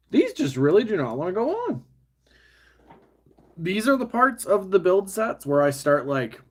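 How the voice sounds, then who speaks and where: A man talking casually as he builds a toy set, rambling, muttering to the pieces and laughing at himself. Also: on the high side. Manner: chatty, self-mocking, often laughing to himself; mutters and talks to the pieces while fiddling.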